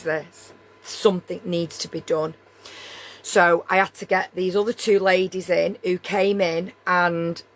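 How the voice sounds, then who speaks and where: A middle-aged woman from Leigh, England, with a Northern English accent, telling a story in a blunt, heated way and swearing freely. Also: on the low side. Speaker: streamer. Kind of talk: storytelling chat.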